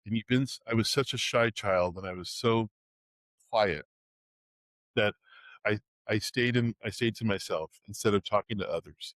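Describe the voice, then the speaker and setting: A middle-aged man from the Bay Area who plays Santa, telling stories in a casual fireside chat, halting and emotional, with many restarts. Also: lowish voice, dry recording. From Bay Area, California. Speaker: Santa performer, host.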